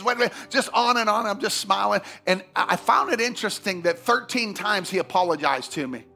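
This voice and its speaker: A man preaching a sermon as pastor, swinging from loud, fervent emphasis to quiet asides. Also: high voice, a little fast, creaky, few pauses, soft background music.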